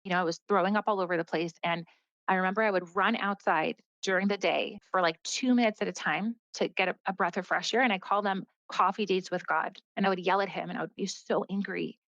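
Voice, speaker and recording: A woman's voice: lowish voice, steady tone, fairly quick, a bit bright, dry recording. A woman speaking as a podcast guest, telling a personal story in an earnest, casual way and often saying "like.". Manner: earnest, heavy use of "like" as a filler. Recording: dull, dry, slightly lo-fi audio.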